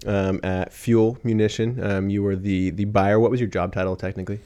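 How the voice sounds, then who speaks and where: Young guy podcast host, talks fast, slangy and loose, kinda low voice. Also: fairly even intonation, warm tone, smooth. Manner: laid-back, slangy, chatty with many fillers. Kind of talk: casual podcast chat. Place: podcast studio.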